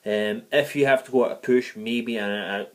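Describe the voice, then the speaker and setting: A man's voice: mid-range voice, steady tone, fairly quick. A man giving a heated, profane and digressive football review in a fan vlog. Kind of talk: ranting match review vlog. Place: living in the United States.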